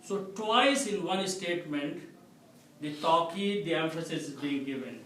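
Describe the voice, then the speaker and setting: A man teaching an Arabic grammar lesson to a class, explaining slowly and checking with a frequent "okay?". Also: a little high, expressive, fairly bright tone. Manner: slow, explanatory, repeats "okay?" to check understanding. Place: mosque classroom. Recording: echoey room, distant mic, faint noise.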